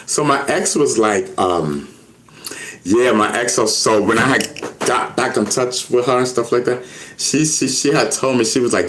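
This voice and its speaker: A man's voice: medium pitch, big pitch swings, moderate pace, a bit bright, slight background noise. A man telling a rambling story to his viewers, repeating words and acting out what others said. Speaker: YouTube personality.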